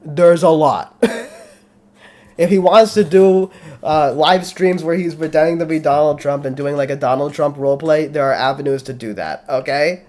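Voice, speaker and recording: Man, call-in debate host, blunt, heated, swears a lot, slightly high voice. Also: moderate pace, darkish tone. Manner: heated, blunt, profane arguing. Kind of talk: live call-in debate stream.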